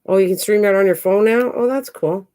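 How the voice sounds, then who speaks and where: A woman's voice: brisk, a little mellow, clear, resonant tone. A woman hosting a casual live-stream chat with viewers, chatty and rambling. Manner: chatty, rambling, talks to her cats in a higher coaxing voice. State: out of breath.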